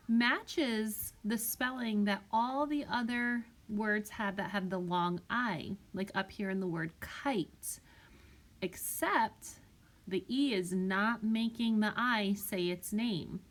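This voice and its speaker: A woman teacher speaks slowly and patiently, sounding out each vowel with care for young children. Her pitch sits in an ordinary middle range, and she talks into a tablet microphone as she walks through a spelling lesson. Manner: slow, patient, sounds words out carefully.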